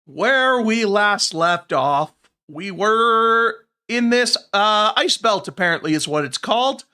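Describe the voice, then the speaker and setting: A man's voice: high-pitched, animated, slow, sharp tone, clean tone. A man casually chatting with viewers while streaming a game, sarcastic and easily exasperated. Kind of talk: casual gameplay livestream chat.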